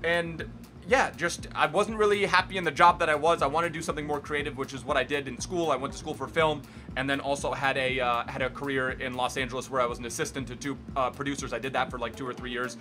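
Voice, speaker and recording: A young man hosting a gaming channel, answering viewer questions in a casual vlog at home, with sudden loud excited bursts. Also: medium pitch, quick pace, over music. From Miami, United States. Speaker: gaming YouTuber host. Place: bedroom at home.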